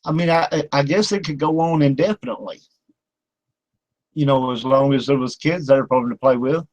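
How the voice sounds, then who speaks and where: An older radio host with a drawl and a middle-pitched, darkish voice chats casually at a moderate pace, folksy and wandering from point to point with lots of fillers and frequent chuckles. The recording is dry, close, and low in quality, with no room sound.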